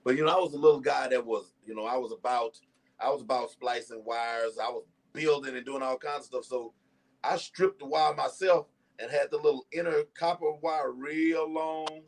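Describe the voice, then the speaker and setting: A man's voice: mid-range voice, normal speed. A middle-aged man hosting a casual podcast chat, telling laid-back stories and laughing easily. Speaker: podcast host.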